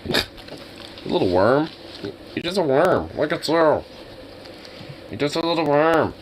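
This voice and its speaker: Lively exasperated young man with a cold. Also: a little high, a little slow, slight background noise, rough recording. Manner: exasperated, teasing, swears a lot. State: has a cold. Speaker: vlogger. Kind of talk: casual talk to his dog.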